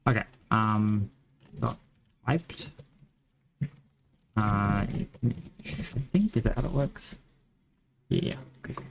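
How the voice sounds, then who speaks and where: A man's voice: on the low side, animated, slow, creaky, pauses often, slight background noise, low-quality recording. A man with a Western Australian accent who rambles and thinks aloud while coding on a live stream. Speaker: game developer streamer.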